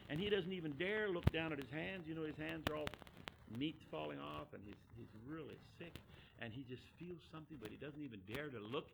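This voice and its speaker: A high, bright-toned man tells a sermon story with a very lively, swinging pitch. He acts out the characters and moves from loud hollering to near-hushed asides. A faint hiss sits under his voice. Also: low-quality recording. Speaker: preacher.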